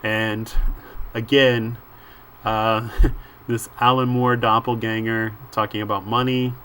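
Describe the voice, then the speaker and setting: A man reading a comic book aloud and musing over the panels in an unhurried way, with frequent filler words. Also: fairly low pitch, little pitch movement, a bit bright, slight background noise. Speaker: comic book reader and commentator.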